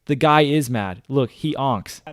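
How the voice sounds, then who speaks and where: A man's voice: mid-range voice, measured pace, no echo. Chatty male gamer, dry close sound. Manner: chatty, excitable, addresses viewers as guys. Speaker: gaming streamer reviewing his own clips. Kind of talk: casual game commentary to viewers.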